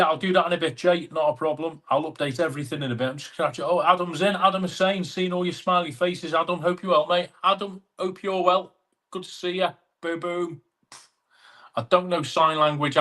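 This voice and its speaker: A man's voice: fairly high pitch, normal speed, fairly bright tone. Chatty English man hosting a live chat. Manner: chatty, matey, reads out viewer comments. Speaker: live stream host. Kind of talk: casual live chat reading comments.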